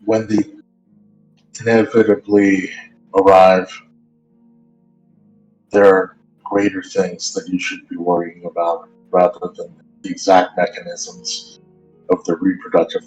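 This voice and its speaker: Low, even-toned role-playing player. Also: male voice, slow, long pauses, faint music behind, low-quality recording. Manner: careful, formal phrasing. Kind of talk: in-character tabletop role-play.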